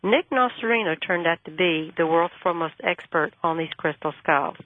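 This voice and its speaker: A woman guest calling in to a radio show, telling a story and acting out the dialogue with lively energy. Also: lowish voice, normal speed, dry recording. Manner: animated, acts out dialogue. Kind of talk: phone-in storytelling. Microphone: telephone. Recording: tinny phone line.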